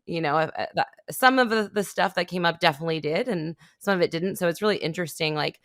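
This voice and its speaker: A woman with a slightly low voice hosts a podcast, speaking casually and animatedly. The recording is dry and close, with no room sound. She is a young adult. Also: quick pace, dry recording. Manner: animated storytelling, with laughs and acted-out quotes. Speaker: podcast host. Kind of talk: conversational interview.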